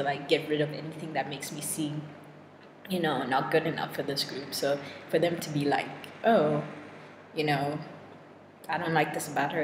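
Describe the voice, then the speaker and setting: A young woman in a casual vlog monologue, chatty and self-deprecating, full of fillers and restarts. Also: sits low. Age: young adult. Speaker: vlogger. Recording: echoey room with long reverb and clear noise.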